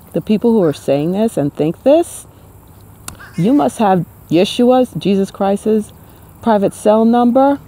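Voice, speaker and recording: A woman's voice: sits low, mellow, a little hiss or hum. A woman from New City, talking about spirituality to camera in an emphatic, exasperated way, full of rhetorical questions. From New York City. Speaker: spiritual vlogger. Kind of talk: casual spiritual talk to camera.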